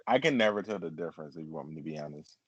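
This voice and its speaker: A man's voice: a bass voice, animated, rapid-fire, highs cut off, crowd noise. A man co-hosting a casual group chat, rambling, swearing and laughing often. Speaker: podcast co-host.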